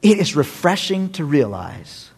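Lively, joking male preacher. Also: on the high side, a little slow, gravelly, breathy edge. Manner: humorous, conversational, laughs often. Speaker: pastor. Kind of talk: sermon.

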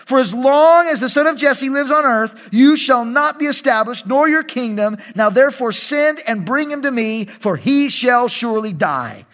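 A pastor putting on a furious shouting king. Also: very high-pitched, expressive, normal speed, hardly any pauses, voice pushed up. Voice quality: loud, raised, shouting. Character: furious king raging at his son.

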